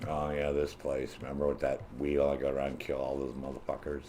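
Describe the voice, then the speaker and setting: A man's voice: very deep voice, completely flat delivery, fairly quick, dark tone, a little hiss or hum. A man streaming a video game and ranting in heavy profanity while he plays, laughing often. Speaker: gaming streamer. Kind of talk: casual gameplay commentary.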